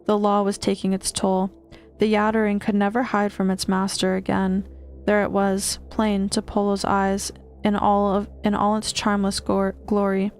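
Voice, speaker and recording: A woman streamer reading a horror book aloud, steady with small stumbles and restarts. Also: medium pitch, normal speed, slight background noise.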